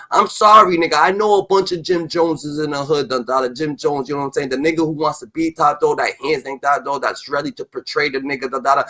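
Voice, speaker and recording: A man's voice: on the high side, sharp tone. A man delivering a heated, profane rant as commentary, repeating a filler tag between phrases.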